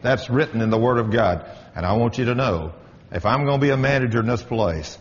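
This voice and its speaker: A man's voice: mid-range voice, brisk, a little hiss or hum. A middle-aged man who works as a manager gives a firm, emphatic spoken testimony, telling stories in a preacherly way. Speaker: workplace manager giving a testimony. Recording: dull audio with long hall reverb.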